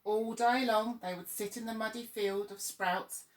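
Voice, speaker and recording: A woman's voice: on the high side, unhurried, distant mic. Woman reading a story in an echoey room. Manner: expressive, lively reading. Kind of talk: reading a children's story aloud.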